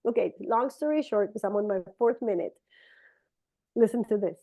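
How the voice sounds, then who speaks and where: A middle-aged woman, a native Spanish speaker, telling a personal story in a casual, animated way and jumping into high, excited voices when she quotes people. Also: normal speed. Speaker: speaker sharing a testimony.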